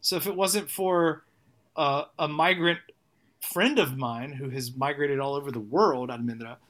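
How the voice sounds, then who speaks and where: Rambling, animated male songwriter. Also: a little high, unhurried. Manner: animated, rambling, with frequent restarts and profanity. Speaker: songwriter and musician guest. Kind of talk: casual interview talk.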